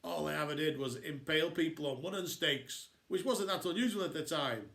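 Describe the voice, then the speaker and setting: A man's voice: a little high, fairly quick, vocal fry, a bit bright. A man reading a storybook aloud, voicing an old male vampire who complains about being misunderstood, in an echoey room. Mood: aggrieved. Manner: aggrieved, self-justifying.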